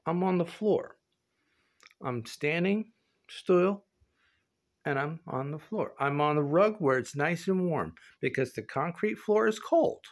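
Goofy guy rambling on his vlog, slow unhurried talk, laughs a lot and yelps up high now and then. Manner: goofy, rambling, often laughing and swinging to loud high shouts. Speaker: vlogger. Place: indoor showroom with a concrete floor.

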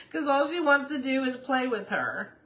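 Her high-pitched voice has a fairly bright tone. She's a woman in her fifties hosting a casual crafting livestream, chatting with viewers, reading their comments out loud and talking to her puppy.

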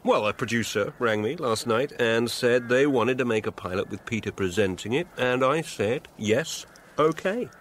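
A man's voice: medium pitch, moderate pace, hardly any pauses, a little hiss or hum, close to an everyday voice. An actor playing a fawning, self-important man who has made himself an agent, in a radio sitcom. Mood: smug. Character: scheming sycophantic male self-made talent agent.

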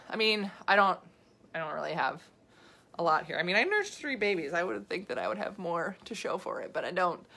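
Excited woman coach on a live vid, talks w her hands, chatty, laughs a lot. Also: medium pitch. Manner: animated, gesturing a lot while talking; chatty with frequent asides and laughs. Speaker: nutrition coach. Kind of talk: live video answering viewer questions.

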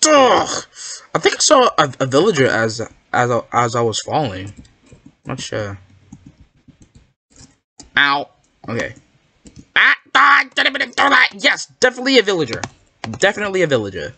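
A gamer giving excitable, rambling commentary while playing, yelping and protesting whenever a trick fools them. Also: medium pitch, normal speed, pauses often, breathy edge. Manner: excitable, yelps and protests when fooled; rambling, self-correcting. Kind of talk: Minecraft gameplay commentary.

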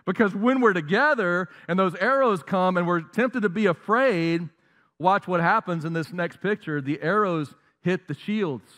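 A male pastor preaching a lively sermon, asking the congregation questions and dropping into mocking voices. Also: high voice, moderate pace, in a large hall. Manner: animated, jumps into mocking voices and asks the crowd questions. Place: large church auditorium.

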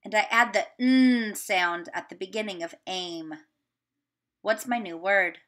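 A woman teacher giving a remote video lesson to young children, sounding out words slowly and encouraging them. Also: mid-range voice, a bit bright.

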